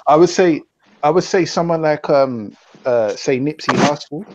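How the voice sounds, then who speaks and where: A man taking part in a casual chat. He speaks in a measured way, with pauses and hesitations. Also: on the high side, a little mellow, muffled recording, slight background noise.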